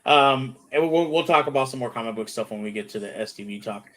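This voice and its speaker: A man hosting a casual sports podcast, laid-back and laughing often, with a slow drawn-out delivery. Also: mid-range voice, a bit bright. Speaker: podcast host.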